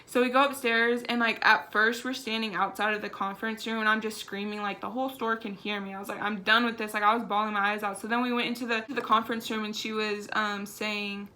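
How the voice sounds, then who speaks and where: A young woman telling a storytime vlog in a chatty, animated way, full of "like". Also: mid-range voice, fast talker, hardly any pauses. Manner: chatty and animated, heavy use of "like". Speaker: vlogger.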